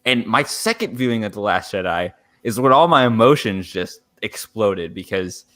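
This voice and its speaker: A young man co-hosting a podcast, telling a story in an animated way. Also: lowish voice, normal speed. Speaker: podcast co-host. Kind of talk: casual chat.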